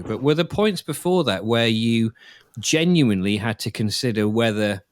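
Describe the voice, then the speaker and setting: A man's voice: medium pitch, no room sound. A man co-hosting a podcast, reflecting aloud and asking long, winding questions in casual chat. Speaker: podcast co-host.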